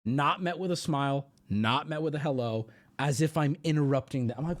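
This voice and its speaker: A man's voice: fairly high pitch, fairly quick, few pauses. A man streaming live and chatting casually, ranting and swearing, and mimicking people in exaggerated voices.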